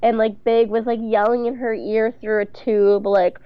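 A woman's voice: on the high side, level tone, moderate pace, clean tone, no room sound, highs cut off. A young woman co-hosting a podcast, chatting bluntly and sarcastically about a TV episode. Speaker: podcast co-host. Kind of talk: casual episode recap chat.

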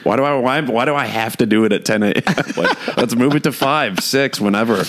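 A man's voice: medium pitch, fairly quick, fairly bright tone. A man co-hosting a podcast, talking loosely and laughing, swearing freely. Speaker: podcast co-host. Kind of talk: casual chat.

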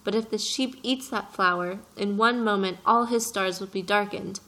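A woman's voice: mid-range voice, normal speed, bright, forceful tone. A woman voicing an earnest little boy prince who presses his questions with passion in an audiobook reading. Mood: impassioned. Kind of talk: audiobook character voice.

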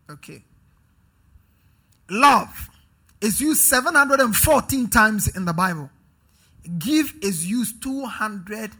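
High-pitched preacher guy, gravelly, husky edge, calls on the church to answer back, gets loud. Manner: emphatic call-and-response preaching, rising to shouts. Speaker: pastor. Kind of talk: sermon. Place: church service.

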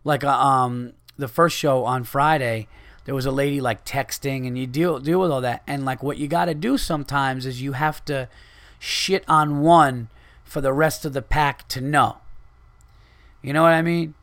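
A man's voice: medium pitch, normal speed, no room sound. Profane, rambling male comedian telling stories. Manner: profane, rambling, animated storytelling. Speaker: podcast host, comedian. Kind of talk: casual storytelling monologue.

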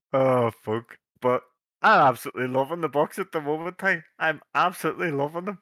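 A man co-hosting a podcast, retelling wrestling shows in sweary, animated casual chat. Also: on the high side, no room sound. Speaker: podcast co-host.

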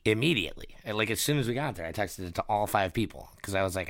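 A man's voice: on the low side, animated, fast talker, fairly bright tone, no echo. A man in casual chat, easygoing, laughing along and adding short replies.

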